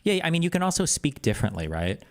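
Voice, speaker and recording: On his stream, a man speaks into a close desk microphone, explaining things in a fast, animated, casual way. When he gets exasperated, his pitch jumps up.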